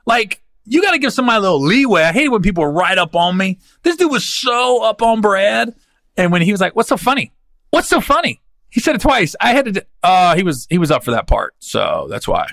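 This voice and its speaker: There's vocal fry in this high-pitched voice, which moves a little fast on a dry recording. The man, a podcast host and comedian, tells funny stories casually, with animated delivery, plenty of slang, rambling and restarts.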